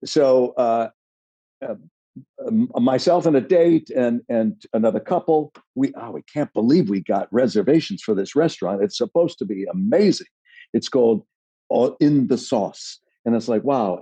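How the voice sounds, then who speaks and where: A male guest telling stories in casual chat, animated and acting out other people's voices. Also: mid-range voice, moderate pace, husky, no echo.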